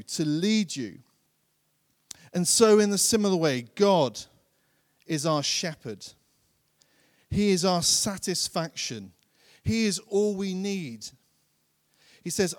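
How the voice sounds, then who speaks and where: A man preaching a sermon in an earnest way, repeating phrases for emphasis and slowing down to stress key lines. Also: fairly high pitch. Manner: slows and drops his voice to stress key lines. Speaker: pastor.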